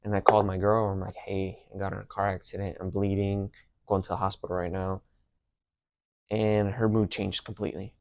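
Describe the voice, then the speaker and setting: A man's voice: deep voice, little pitch movement, a little fast, creaky, a little mellow, no room sound, highs cut off. A young man hosting a podcast, telling personal stories in a casual, slangy way. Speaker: podcast host.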